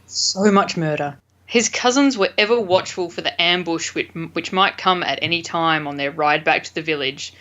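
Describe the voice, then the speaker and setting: A woman's voice: on the low side, normal speed, bright, forceful tone. A woman co-hosting a podcast, chatting playfully and reading passages from a novel aloud, on dull lo-fi audio. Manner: playful, amused. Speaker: guest co-host.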